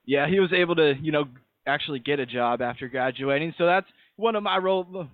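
A man's voice: a little high, dry recording. A young man in his twenties hosting a radio show, chatting in a laid-back, slangy way. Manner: laid-back, slangy, quick to laugh along. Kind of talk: casual interview. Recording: thin phone-like sound.

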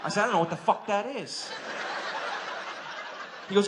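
A man performs a stand-up set, telling a profane story and snapping into quick bits of dialogue. His voice sits a little higher than most men's. A faint hum of room sound runs under him. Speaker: stand-up comedian. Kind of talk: stand-up routine.

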